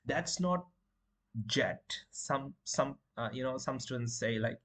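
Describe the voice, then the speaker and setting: A man's voice: medium pitch, animated, slow pace, a bit bright. A man teaching beginners to pronounce letters, repeating each word and correcting common mistakes. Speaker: English teacher. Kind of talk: beginner pronunciation lesson.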